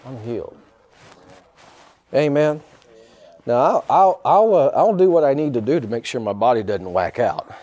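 Guy preaching, voice all over the place, medium pitch, calls out to the crowd, folksy little jokes. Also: normal speed, pauses often. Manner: animated preaching with call-and-response and repeated phrases; folksy, joking asides. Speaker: pastor. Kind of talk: sermon.

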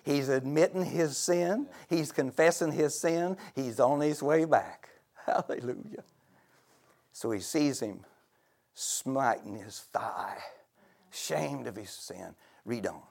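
A man preaching a fervent sermon who swings between hushed, intimate talk and loud shouts, with frequent laughter. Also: mid-range voice, takes it slowly, creaky.

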